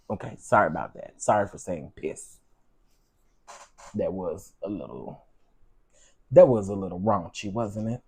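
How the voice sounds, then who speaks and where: A man chats casually on his livestream, full of slang and playful asides. His husky, mellow voice swings up and down a lot, and his pitch sits on the low side. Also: a little slow, long pauses, dry recording, studio quality. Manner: chatty, animated, Southern slang. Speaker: livestream host. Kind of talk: casual live-stream chat.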